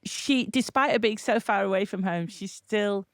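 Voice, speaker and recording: A woman's voice: medium pitch, normal speed, no echo, studio quality. A woman co-hosting a podcast, teasing her co-host in a casual chat. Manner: teasing, playful.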